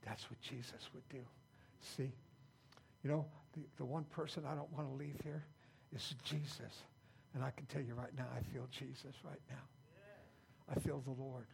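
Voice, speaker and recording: A man's voice: medium pitch, fairly even intonation, normal speed, vocal fry, darkish tone, slight background noise. An older man preaching an informal sermon as the founder of his church, plain-spoken and folksy, often repeating himself.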